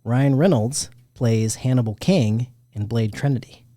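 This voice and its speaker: A man in his thirties hosting a podcast, chatting casually about a movie, animated and jokey, with plenty of swearing. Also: mid-range voice, a little slow, no room sound, studio quality. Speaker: podcast host. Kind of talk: casual movie review chat.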